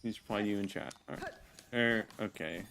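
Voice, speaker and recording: A man's voice: fairly low pitch, a little fast, vocal fry, fairly bright tone, slight background noise. A man streaming a video game, chatting casually as he plays, rambling, restarting words and talking to his viewers. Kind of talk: casual gameplay commentary.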